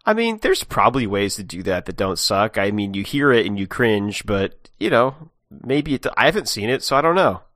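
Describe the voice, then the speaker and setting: A man's voice: fairly low pitch, sing-song, moderate pace, hardly any pauses, fairly bright tone. A man co-hosting a podcast in casual chat, making dry, easygoing remarks. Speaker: podcast co-host.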